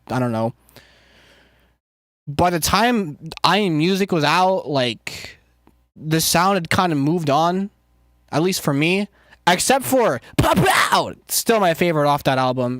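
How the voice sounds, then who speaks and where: A man's voice: a little high, no room sound, clean studio sound. A man streaming casually and rambling to his chat, loose and profane, with lots of filler words. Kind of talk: casual chat, answering live chat.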